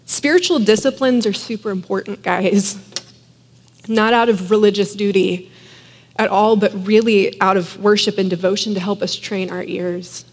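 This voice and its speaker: A woman's voice: mid-range voice, fairly even intonation, moderate pace. Earnest woman in a reverberant room. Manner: earnest, many fillers of "like". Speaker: Christian speaker. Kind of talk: casual devotional talk.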